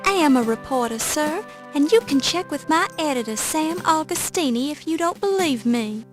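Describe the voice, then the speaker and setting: A determined young newspaper reporter in an old adventure game, with a fairly high voice. She stays polite while pressing her point. Soft music sits behind her. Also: animated, moderate pace. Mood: insistent. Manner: polite but insistent. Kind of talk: 1990s adventure game voice acting.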